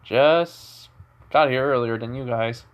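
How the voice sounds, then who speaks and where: A brash teenage boy ninja who shrugs everything off and talks tough, as a man puts him on. His voice sits in a plain middle pitch with a casual, cocky edge. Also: slow, lo-fi sound, close to an everyday voice. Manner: cocky, offhand, tough-talking. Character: brash teen boy ninja hosting a spirit.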